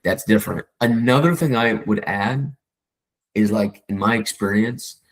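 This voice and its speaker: A man's voice: lowish voice, low-quality recording. A man, a real estate agent, casually coaching a colleague and acting out his calls with clients. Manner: fast, animated, acts out client calls in quoted voices.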